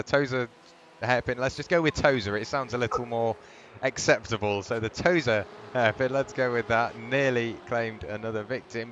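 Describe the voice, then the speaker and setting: A man calls a sim race live, rambling between tangents and building excitement as the leader takes the flag. His voice sits at an ordinary middle pitch, with a faint hum underneath. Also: dull audio. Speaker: race commentator. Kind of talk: live sim racing commentary.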